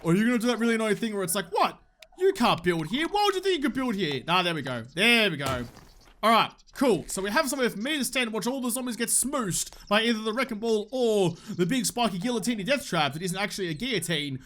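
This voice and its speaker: A man's voice: high voice, expressive, fast talker, sharp tone. A young Australian man casually commentating his own gameplay, joking, swearing and talking back to the game. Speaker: gaming YouTuber. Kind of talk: casual let's-play commentary.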